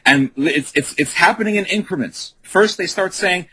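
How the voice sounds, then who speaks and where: Earnest man, high voice, radio guest. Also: expressive, moderate pace, hardly any pauses, pushed and bright, slightly rough, rough recording. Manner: earnest, insistent. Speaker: guest, communications director. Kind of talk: radio interview.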